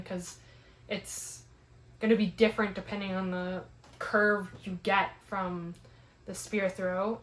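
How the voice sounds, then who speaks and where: A young woman telling a rambling, animated story in a casual vlog, full of "like" fillers. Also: mid-range voice. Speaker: fitness vlogger. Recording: roomy echo.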